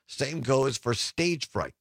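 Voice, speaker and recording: A man hosting a radio talk show in casual, upbeat chat, laughing easily and slowing down for phone numbers. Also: medium pitch, expressive, vocal fry, breathy edge, no echo.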